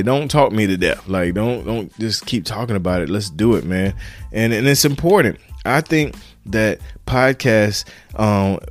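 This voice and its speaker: A middle-aged man delivers a fired-up, preachy podcast pep talk and keeps calling his listeners "y'all". His voice sits fairly low. Faint music plays softly under him. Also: no echo. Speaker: podcast host. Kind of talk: casual motivational podcast monologue.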